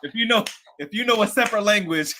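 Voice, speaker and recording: A man co-hosting a casual chat, relaxed and jokey. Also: high-pitched, fast, very noisy.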